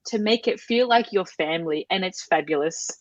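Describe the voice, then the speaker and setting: A woman, a language teacher talking as an interview guest, lively and acting out little exchanges in a raised voice. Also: on the low side, normal speed, no room sound, highs cut off. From Australia. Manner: animated, acts out quoted exchanges in a lifted voice. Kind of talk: conversational interview.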